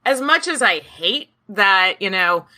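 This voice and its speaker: A woman's voice: mid-range voice, expressive, slow, pushed and bright. A woman co-hosting a podcast, chatting casually and playfully about history and swearing now and then. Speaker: podcast co-host.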